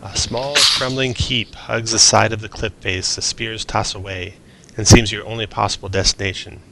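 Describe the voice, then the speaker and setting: Gravelly man running a tabletop game. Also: lowish voice, steady tone, normal speed, sharp tone, a little hiss or hum. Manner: descriptive narration with casual asides. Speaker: game master.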